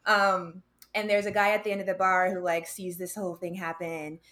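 A woman's voice: fairly low pitch, flat delivery, normal speed, a bit bright. A woman with an American accent chatting on a podcast, telling a story with many fillers and laughs. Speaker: podcast guest. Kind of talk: casual chat.

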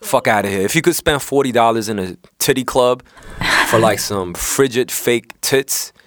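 A young man with a New York City accent, chatting casually as a co-host in animated, slangy street talk. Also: mid-range voice, moderate pace, no echo, clean studio sound. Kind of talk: casual chat.

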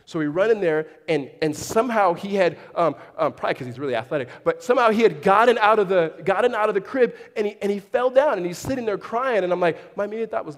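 A man's voice: sits high, animated, quick pace, hardly any pauses. A man preaching a sermon to a congregation in a church, speaking conversationally and slipping in dry humorous asides. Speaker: pastor. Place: large church hall with a congregation. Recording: long reverb of a big hall.

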